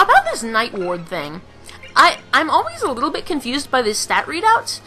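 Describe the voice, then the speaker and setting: Bright, lively woman commenting on gameplay. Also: medium pitch. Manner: rambling, self-mocking, giggly. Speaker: let's play commentator.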